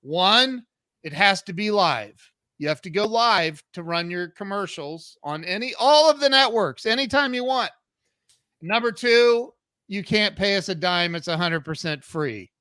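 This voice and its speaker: Man, podcast guest, high bright voice, lively storytelling, dry close mic. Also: no room sound. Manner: animated, talks fast, acts out quoted dialogue. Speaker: podcast guest, social media coach. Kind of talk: energetic storytelling interview.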